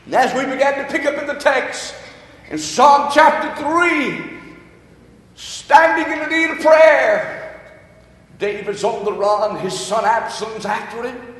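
A man preaching a sermon as pastor, calling on the congregation to answer and rising into shouts. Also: very high voice, a little slow. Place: church sanctuary. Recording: echoey hall.

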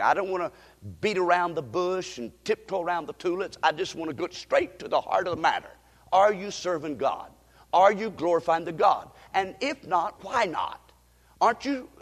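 High-voiced preacher in a reverberant sanctuary. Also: male voice. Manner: call-and-response preaching, drawn-out emphatic verse reading; shifts between loud declaiming and quiet direct appeals. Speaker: pastor. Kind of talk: sermon. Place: church sanctuary. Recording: long hall reverb.

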